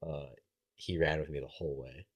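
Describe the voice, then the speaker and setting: This college baseball player, a young man guesting on a podcast, speaks with a slightly rough bass at a moderate pace. Recounting a story in a relaxed way, he mimics the voices of people he quotes and curses plenty.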